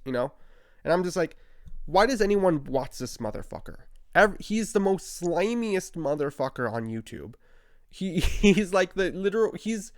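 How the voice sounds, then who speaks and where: A man's voice: mid-range voice, clean tone, no room sound, studio quality. A young man in an angry, profane commentary rant, mocking and heated as he reads out posts and answers them. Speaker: commentary YouTuber.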